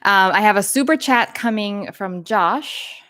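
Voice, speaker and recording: A Thai woman whose first language is Thai, speaking with a North American accent, hosts a live Q&A in a mid-range voice at a slightly slow pace. She chats, laughs, and tells stories in a lively way.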